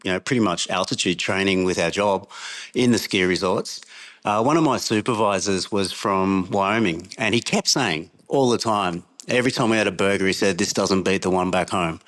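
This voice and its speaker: This is a relaxed Australian man in middle age, telling a long anecdote as a podcast guest. His voice sits on the low side, and he breaks into laughs often as he wanders through the tale. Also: normal speed. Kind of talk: casual anecdotal storytelling.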